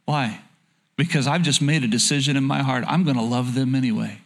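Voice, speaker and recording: A middle-aged male pastor preaching a sermon, earnest, dropping to soft low pleading and rising into urgent exhortation. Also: brisk.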